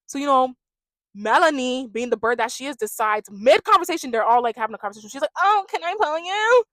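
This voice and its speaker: A woman giving a gossipy, animated recap of a reality dating show, imitating the cast as she goes. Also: fairly high pitch, fast, no room sound. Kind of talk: casual reaction commentary.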